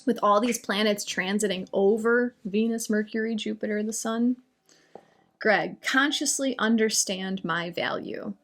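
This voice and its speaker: A woman's voice: medium pitch, unhurried, fairly bright tone, soft background music. A woman on a live stream talking about astrology and answering viewer comments in a chatty, reassuring way. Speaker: astrology and oracle reader.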